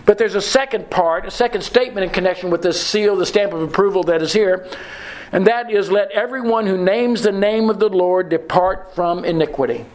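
A man preaching a sermon in an earnest way, slowing down and repeating phrases to stress the scripture he quotes. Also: high voice, darkish tone, low-quality recording.

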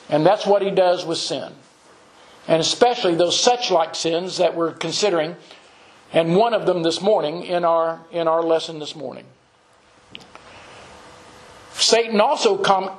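A man preaching a morning sermon with a fairly high voice. He speaks earnestly and deliberately and slows down on the phrases he wants to stress. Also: poor audio.

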